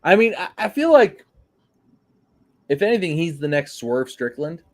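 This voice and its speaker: A man co-hosting a casual wrestling podcast, talking in an excitable, rambling way and swearing freely. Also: on the high side, normal speed. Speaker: podcast co-host.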